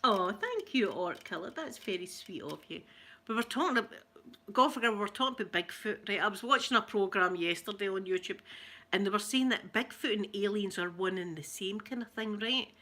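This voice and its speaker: A woman's voice: mid-range voice, expressive, fairly quick, bright, forceful tone. A woman with a Scottish accent hosting a casual live chat with viewers, telling stories and laughing often. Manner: chatty storyteller who laughs often. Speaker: livestream host.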